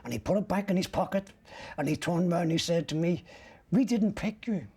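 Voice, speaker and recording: A man's voice: fairly high pitch, fast talker, a little mellow, slightly rough, dry recording, recorded from a distance. An older man, recounting a personal ordeal as an interviewee in blunt, graphic words with swearing.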